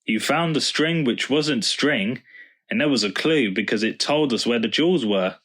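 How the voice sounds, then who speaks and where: A man's voice: medium pitch, expressive, moderate pace. A man voicing a patient, thoughtful father who is a vicar, in a storybook reading. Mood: gentle. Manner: warm, thoughtful and explaining.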